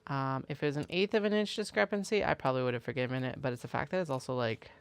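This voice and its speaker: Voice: medium pitch, rapid-fire, clean tone. A craft maker chatting casually on a livestream, muttering to themself and counting pieces aloud while working.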